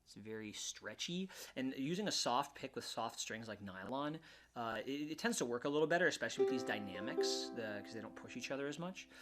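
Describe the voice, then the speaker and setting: Relaxed male ukulele teacher. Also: medium pitch, fairly quick. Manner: relaxed, hesitant with restarts, counts beats aloud. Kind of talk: casual instructional talk. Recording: ukulele music under voice. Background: ukulele playing.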